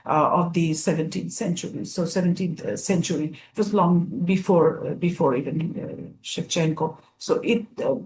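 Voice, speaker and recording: A woman from India, giving an academic lecture in a thoughtful, measured way, often pausing to find her words. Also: on the low side, a little mellow, poor audio.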